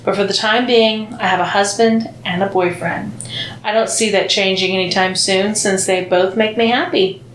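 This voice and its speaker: A woman co-hosting a podcast chats casually and reads listener comments aloud, blunt, profane and often laughing. Her voice is mid-range with fairly even intonation and moderate pace, in an echoey room with faint noise.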